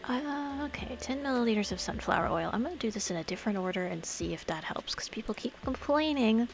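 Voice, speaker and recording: A woman's voice: on the high side, lively intonation, brisk. A woman streamer chatting casually while playing a game, thinking aloud and murmuring to herself.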